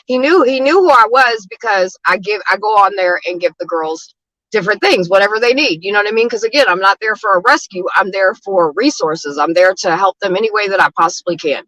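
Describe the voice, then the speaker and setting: Woman, outreach advocate, casual storytelling, blunt, swears often, bright tense tone. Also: mid-range voice, a little fast, no room sound, poor audio. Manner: frank and blunt, with frequent swearing and "you know what I mean".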